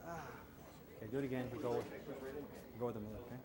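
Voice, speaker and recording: A man's voice: medium pitch, steady tone, fast talker, a loud crowd. A male self-defense instructor coaching a hands-on class with short, repeated commands.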